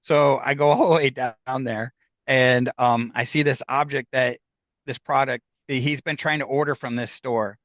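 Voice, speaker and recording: A man's voice: medium pitch, steady tone, normal speed, a bit bright, no room sound. Middle-aged man telling a story, dry sound. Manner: candid, rambling, full of fillers. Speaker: podcast guest. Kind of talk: personal storytelling.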